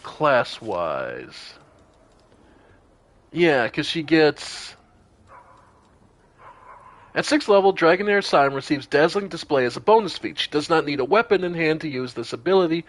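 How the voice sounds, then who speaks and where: A man streaming a role-playing game, thinking aloud with casual commentary and some swearing. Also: fairly high pitch.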